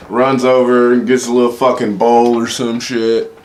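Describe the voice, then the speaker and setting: A man's voice: mid-range voice, little pitch movement, normal speed, a little hiss or hum. A young man, a comedian, casually telling profane anecdotes on a solo podcast and slipping into quoted voices.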